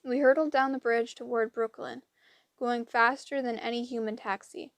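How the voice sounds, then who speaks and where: A woman reading an audiobook with lively, dramatic storytelling. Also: on the high side, normal speed, no echo. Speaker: audiobook reader. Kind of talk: expressive audiobook narration.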